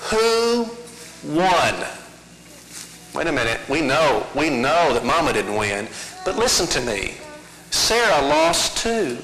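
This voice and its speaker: A man's voice: high voice, pushed and bright, slight background noise. A middle-aged man preaching a sermon, telling folksy stories and asking rhetorical questions. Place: church sanctuary. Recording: echoey church hall.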